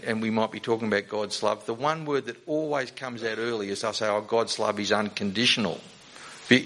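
A man's voice: mid-range voice, fairly bright tone, slight background noise, rough recording. A man giving a sermon in a conversational way, often asking the congregation rhetorical questions. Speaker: preacher.

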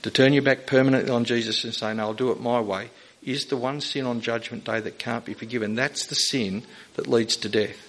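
A man delivering a sermon from the pulpit. He speaks earnestly at a middle pitch, pressing his listeners with rising, emphatic questions. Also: steady tone, a little fast, fairly bright tone, rough recording. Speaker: pastor.

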